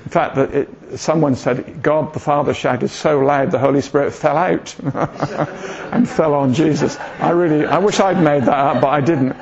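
A man's voice: fairly high pitch, moderate pace, gravelly, a little mellow. A man preaching an informal sermon in a church, chatty and jokey, often asking the congregation questions. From southern England. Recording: dull lo-fi church recording.

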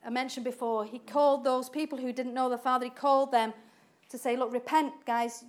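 Animated high-voiced woman preaching. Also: brisk. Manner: animated, acts out quoted voices, laughs often. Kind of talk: sermon.

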